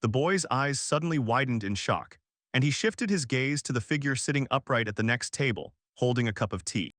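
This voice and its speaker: A man narrating a manga story recap in a steady, even storytelling delivery. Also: mid-range voice, a little fast, no echo, clean studio sound.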